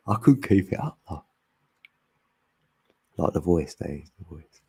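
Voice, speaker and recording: A man's voice: sits low, big pitch swings, takes it slowly, creaky, long pauses, dark tone, slightly rough. A man hosting an online group chat, rambling casually and laughing often.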